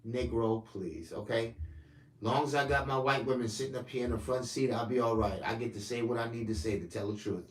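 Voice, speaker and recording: A man delivering a profane ranting political monologue to camera, swinging between loud outbursts and low mutters. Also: steady tone, fairly quick, reverberant. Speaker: political commentator.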